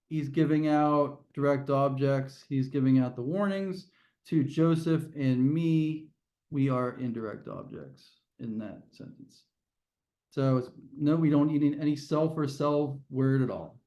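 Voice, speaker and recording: A male teacher walks a class through a grammar lesson, one careful step at a time. His voice sits a little high for a man, with a mellow, relaxed tone. He restarts phrases and throws questions to the class. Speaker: test prep teacher.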